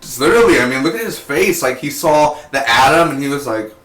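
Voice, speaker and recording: A young man casually reviewing a TV episode, rambling and excitable, with lots of "like" and "man". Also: mid-range voice, fairly quick. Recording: echoey room.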